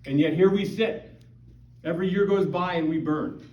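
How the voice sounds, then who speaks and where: A man's voice: a little high, moderate pace. A middle-aged man from Montana giving a conversational, emphatic public talk to a parish audience, full of rhetorical questions. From Montana, USA. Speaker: guest speaker at a parish. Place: parish hall or church. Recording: dull, roomy, distant hall recording.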